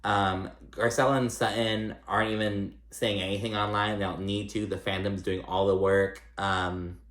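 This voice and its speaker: Chatty man with a low voice in an echoey room. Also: flat delivery, moderate pace, fairly bright tone. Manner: chatty, salty, full of "like" and "um". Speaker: reality TV recap host. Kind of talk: casual gossipy recap.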